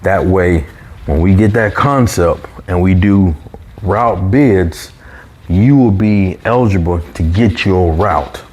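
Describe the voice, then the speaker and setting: A man telling a long personal story in a casual, animated way, jumping up in pitch whenever he quotes other people. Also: slow, a little hiss or hum. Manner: animated, raises pitch when quoting coworkers.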